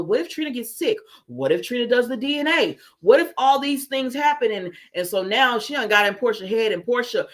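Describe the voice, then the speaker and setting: Casting note: woman livestream host with a middle-range voice, chatty recap, reacts to chat. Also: mid-range voice. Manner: chatty, retells scenes and reads out viewer comments. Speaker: soap opera reviewer. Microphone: livestream setup with computer microphone.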